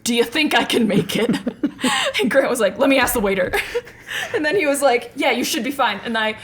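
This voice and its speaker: A woman's voice: high voice, sing-song, normal speed, slight background noise. A young woman co-hosting a podcast, telling a long, rambling story in casual chat and often laughing at herself. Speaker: podcast co-host.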